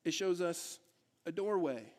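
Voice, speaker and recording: A man's voice: high-pitched, animated, measured pace, a little mellow. A male pastor preaching a sermon to his church in a conversational way, asking the congregation rhetorical questions. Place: church service in a theatre hall.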